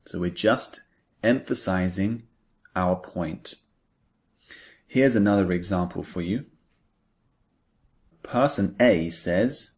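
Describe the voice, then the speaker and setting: A man with a very deep voice explains English phrases in a patient, unhurried lesson. He speaks slowly and reads his example sentences aloud with added stress. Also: darkish tone. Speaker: English teacher.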